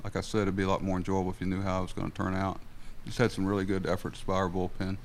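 An older man, a baseball manager, answering questions at a postgame press conference in a rambling, halting way with many fillers. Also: low voice, completely flat delivery, slight background noise.

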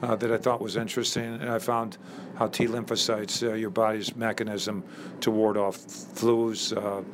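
An older man from Chicago, a guest in an interview, telling lively anecdotes with many fillers. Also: on the low side, moderate pace, noisy background. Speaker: interview guest, former ballplayer. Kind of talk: storytelling in a conversation.

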